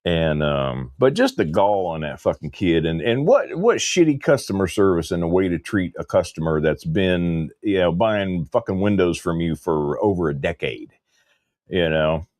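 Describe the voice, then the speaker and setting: Low, gruff man ranting, heavily profane. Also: expressive, normal speed, a little mellow, no echo, studio quality. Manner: profane, heated ranting storyteller. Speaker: show host. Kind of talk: casual livestream chat.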